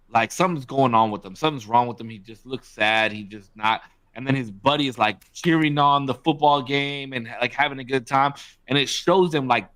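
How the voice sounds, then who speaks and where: A man's voice: mid-range voice, a bit bright, no room sound. A man co-hosting a podcast, chatting loosely in bursts with plenty of swearing. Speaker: podcast co-host. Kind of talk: casual chat.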